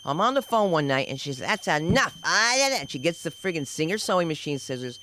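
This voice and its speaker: A woman comedian tells stories from the stage with a bright, forceful voice. Her pitch leaps and dives all over the place, and she punches the big moments with yelps and shouts. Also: fast talker, a little hiss or hum, rough recording. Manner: animated, swooping delivery with shouted sound effects. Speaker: stand-up comedian. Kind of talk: stand-up comedy storytelling.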